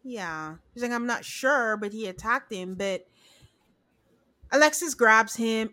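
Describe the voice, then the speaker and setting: A married woman co-hosting a podcast, chatting casually and retelling scenes with lively quoted voices. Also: medium pitch. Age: adult. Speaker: podcast co-host. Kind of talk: casual recap chat.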